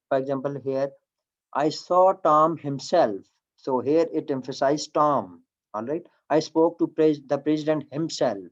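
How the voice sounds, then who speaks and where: A man's voice: mid-range voice, darkish tone, highs cut off. A man teaching a recorded grammar lecture over slides, explaining step by step and often repeating and correcting himself.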